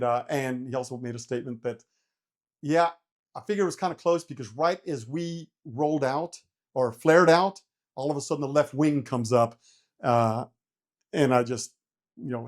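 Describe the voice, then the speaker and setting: In a laid-back interview, a retired helicopter pilot in middle age recounts a story at medium pitch. He performs his own frantic reactions and doesn't hold back on the profanity.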